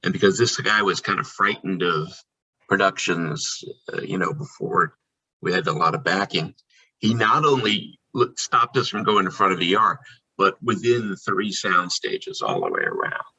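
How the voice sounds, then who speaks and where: Animated, gravelly-voiced male podcast guest. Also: deep voice, normal speed, poor audio. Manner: animated, candid storytelling. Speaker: podcast guest, theme park performer. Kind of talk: casual storytelling chat.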